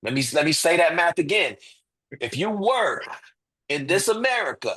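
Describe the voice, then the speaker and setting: A man's voice: a little high, big pitch swings, brisk, fairly bright tone, husky, poor audio. A man as an interview guest, making his case emphatically with rhetorical questions and repeated points. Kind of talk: impassioned interview talk.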